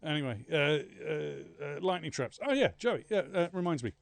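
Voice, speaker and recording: Rambling gravelly streamer man. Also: a little high, animated, normal speed, no echo. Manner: rambling, self-mocking, chatting with viewers. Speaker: livestreaming gamer. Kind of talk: casual live gameplay chat.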